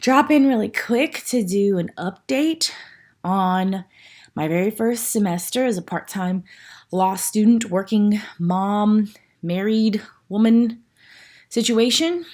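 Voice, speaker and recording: A woman's voice: mid-range voice, slow pace, darkish tone. A young woman giving a casual video update, a little out of breath, chatty and full of fillers. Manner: chatty, with many fillers and restarts. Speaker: vlogger, working mother in law school.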